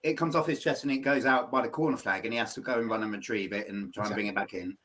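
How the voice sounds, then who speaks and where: A man's voice: on the low side, fast talker, fairly bright tone. A man co-hosting a football chat, ranting with emphasis and swearing. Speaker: podcast co-host. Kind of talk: heated casual football chat.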